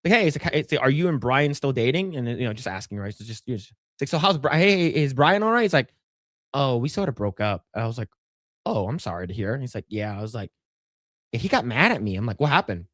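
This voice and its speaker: A man co-hosting a casual livestream, spinning a long anecdote in loose, profane talk. He stumbles and restarts often, and his voice sits at an ordinary middle pitch. The sound is dry and close, with no room around it. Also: big pitch swings, quick pace, dry recording. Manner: rambling, profane storytelling with many restarts. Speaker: podcast co-host.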